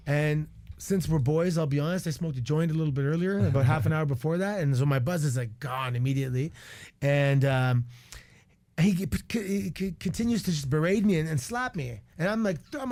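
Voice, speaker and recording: Speaking briskly in a fairly high voice with a dark tone and no echo, a retired Canadian wrestler in his forties guests on a radio show. His animated storytelling is candid and profane, full of restarts and quoted asides.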